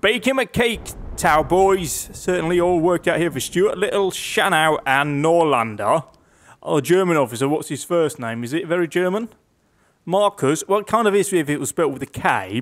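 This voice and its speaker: Wry man narrating a game. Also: fairly high pitch. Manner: wry, jokey, reads game text aloud with quips. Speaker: gaming YouTuber. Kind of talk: casual let's play commentary.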